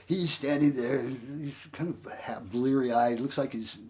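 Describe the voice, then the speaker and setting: A man's voice: medium pitch, a little slow, darkish tone. Rambling older man telling stories. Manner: rambling, full of "you know" and voiced quotes. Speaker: storyteller. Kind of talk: casual spoken memoir.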